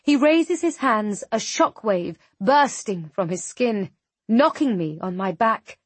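A woman narrating a fantasy audiobook in the first person, measured and tense. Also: medium pitch, animated, slightly rough, dry recording.

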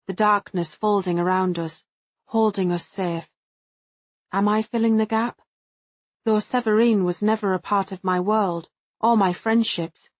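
Female audiobook narrator, calm and reflective first-person read, dry booth sound. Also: lowish voice, no room sound. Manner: measured and reflective.

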